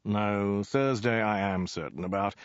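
Brief: a man playing a vain, dithering storybook warlord, low voice, dull dry recording. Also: a little slow, clean tone, dry recording, close to an everyday voice. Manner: vague, rambling excuses with mild hesitations. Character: self-absorbed, dithering male warlord king.

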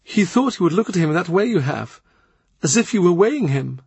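A male audiobook reader voicing an earnest young woman, a lord's niece, who talks in an eager, confiding way and is quick to protest. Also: high-pitched, big pitch swings, gravelly, darkish tone, breathy edge, no echo, pitched above the performer's own voice, heavily acted. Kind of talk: audiobook character reading.

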